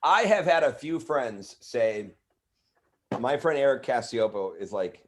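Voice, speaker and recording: A man's voice: medium pitch, unhurried, a little hiss or hum. A middle-aged man, a comedian guest, telling rambling, profane stories in casual chat. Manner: rambling, profane, animated bits. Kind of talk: casual storytelling.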